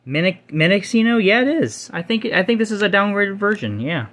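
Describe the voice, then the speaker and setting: A man's voice: high voice, expressive, fairly quick, a bit bright. A young man casually showing off his card collection, rambling, swearing freely and stumbling over names. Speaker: channel host.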